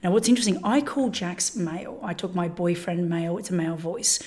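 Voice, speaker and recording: A woman's voice: lowish voice, a little fast, darkish tone. A woman hosting a casual chat, talking with hesitant restarts and trailing asides. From Australia. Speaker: host.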